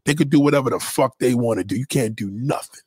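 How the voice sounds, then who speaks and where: Fast and slightly rough, a man's medium-pitched voice with a darkish tone pours out a swearing, heated monologue to his followers, bluntly repeating his points. The sound is clean studio audio without room noise.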